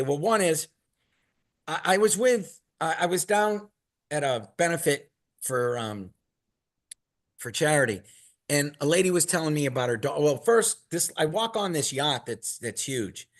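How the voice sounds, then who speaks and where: A man with a voice pitched a little above the usual tells a story casually. He rambles and stays animated, acting out the other people in his story. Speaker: product maker telling stories as a guest.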